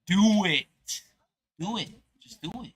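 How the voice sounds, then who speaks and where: A man doing live commentary on a pool match from a booth in a sports bar, talking in an animated, rambling way that slips into motivational rants. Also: sits high, measured pace, husky, no echo. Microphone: booth microphone.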